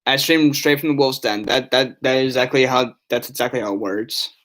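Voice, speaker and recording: A man's voice: mid-range voice, fairly quick, a bit bright. Rambling young man chatting on stream. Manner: rambling, with many restarts and fillers. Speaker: live streamer. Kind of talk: casual live-stream chat. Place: his bedroom.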